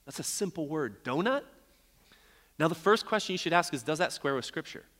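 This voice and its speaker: A man delivering a sermon in a loose, conversational manner, telling stories with plenty of fillers. His voice is bright and forceful. The sound carries a long reverb from the hall. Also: on the high side, expressive, quick pace. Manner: conversational, storytelling, many fillers. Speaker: preacher.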